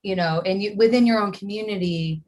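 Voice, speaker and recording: A woman's voice: mid-range voice, fairly quick, darkish tone. A woman co-hosting a podcast, earnest and supportive in casual chat. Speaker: co-host.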